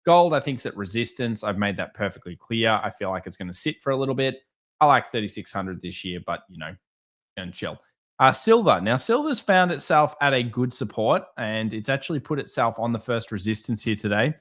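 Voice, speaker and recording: A man giving casual live market commentary, talking over charts and answering viewer chat with candid quick asides. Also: medium pitch, expressive, a bit bright. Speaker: market analyst streamer.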